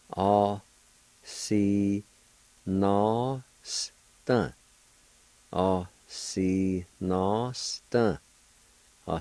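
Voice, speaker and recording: A man's voice: deep voice, mellow, no echo, rough recording. A man hosting a radio language lesson, spelling and pronouncing words carefully, one syllable at a time. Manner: slow, deliberate, syllable-by-syllable drilling. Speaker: radio language program host.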